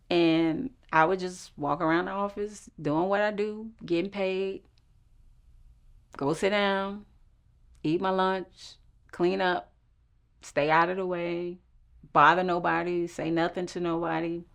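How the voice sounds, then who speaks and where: Woman, low voice, personal storytelling, acts out the quoted voices. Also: fairly even intonation, takes it slowly, gravelly, clean tone.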